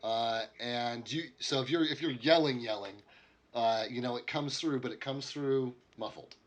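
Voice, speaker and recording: A game master who rambles through his explanations and often restarts his sentences. His voice sits at an ordinary pitch for a man. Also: moderate pace. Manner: rambling, many fillers and restarts. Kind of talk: narrating a tabletop game.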